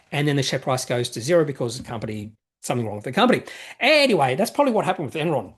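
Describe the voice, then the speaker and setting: At medium pitch, a slightly rough-voiced man talks in an animated, rapid-fire way on his investing channel. He reads viewer questions and riffs on the markets casually, circling back to fix himself and filling gaps with "um"s.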